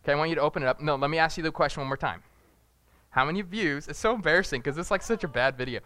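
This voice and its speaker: Casting: young male preacher, bright and fairly high voice, casual and animated, dry close sound. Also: rapid-fire, no room sound. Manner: animated, jokey, acts out voices with big pitch jumps. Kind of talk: casual sermon.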